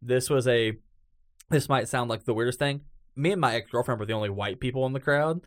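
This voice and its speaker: A man's voice: mid-range voice, fairly quick. A man hosting a casual chat, telling stories with lots of swearing and acted-out quotes. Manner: animated storyteller, swears freely, acts out quotes. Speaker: podcast host.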